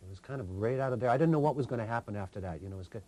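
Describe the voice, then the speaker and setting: Rambling older man with a mellow voice. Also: mid-range voice, expressive. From Canada. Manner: rambling, halting, self-interrupting. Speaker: guest musician. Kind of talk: casual storytelling.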